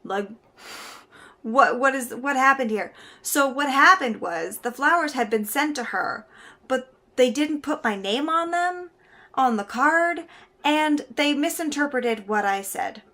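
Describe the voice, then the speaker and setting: A young Canadian woman with a slightly high voice tells a story to her camera. She chats along casually and brightly, her words spilling out with easy laughs. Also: a little slow. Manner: chatty, animated, laughs while telling. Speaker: vlogger.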